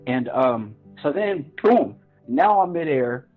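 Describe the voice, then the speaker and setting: A man's voice: medium pitch, sing-song, slow. A man, a podcast guest, earnestly telling a personal story and acting out his own past reactions in a raised voice. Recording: tinny phone-line audio with faint music.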